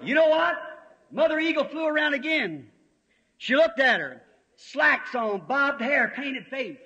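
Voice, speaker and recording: A man preaching a fiery revival sermon in folksy, storytelling words, swelling to shouts. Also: very high-pitched, very animated, unhurried. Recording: old lo-fi tape, long hall reverb.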